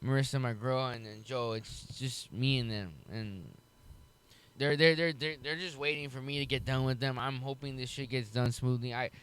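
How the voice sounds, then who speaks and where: A man's voice: medium pitch, steady tone, moderate pace, fairly bright tone, clean tone. A man in casual chat, talking hesitantly with many restarts and "I mean" fillers.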